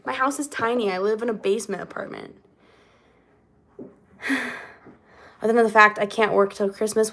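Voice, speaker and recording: A woman's voice: mid-range voice, normal speed, long pauses, fairly bright tone. A young woman, a singer, livestreaming from her small home and chatting casually with her viewers, giggling often and reading their comments aloud. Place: small home basement apartment.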